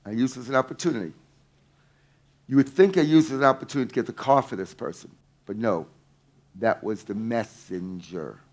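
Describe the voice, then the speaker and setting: A middle-aged man speaking to a live audience in an intense storytelling voice. His pitch sits in the ordinary middle range for a man. He moves from loud, driving lines to near-whispers, with casual swearing. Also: a little fast, long pauses. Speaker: speaker teaching a workshop.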